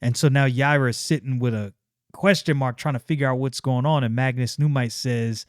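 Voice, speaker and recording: A man's voice: mid-range voice, fairly even intonation, normal speed, dry recording, clean studio sound. A man casually reading a comic aloud, chatting and reacting as he goes. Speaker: comic reader and commentator.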